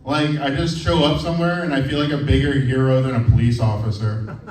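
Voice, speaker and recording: A man's voice: mid-range voice, fairly even intonation, a little fast, a little mellow. A man in his thirties doing a stand-up comedy set, rambling and hesitant with lots of fillers. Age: 30s. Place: comedy venue with live audience. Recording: roomy, from far off.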